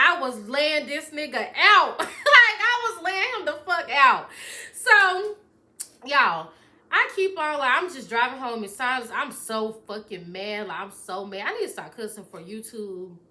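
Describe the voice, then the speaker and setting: Young woman spilling a story to her viewers, bright voice, animated, cusses a lot. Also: a little high. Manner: animated, acts out quotes, swears freely. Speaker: vlogger telling a story. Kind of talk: casual storytime chat.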